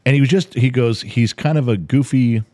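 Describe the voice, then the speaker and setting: A man's voice: mid-range voice, normal speed. A middle-aged man co-hosting a podcast, telling family stories in casual chat and swearing now and then. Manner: animated storyteller, swears casually. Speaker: podcast co-host.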